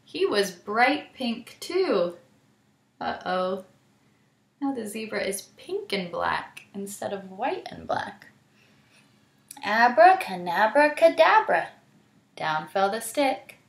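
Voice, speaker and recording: A woman teacher reads a picture book aloud to children, animated and stopping to ask what they think. She goes slowly with a lively, wide-ranging pitch and a gravelly texture. Her voice sounds roomy and echoey. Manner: animated, asks the listener questions. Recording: roomy echo.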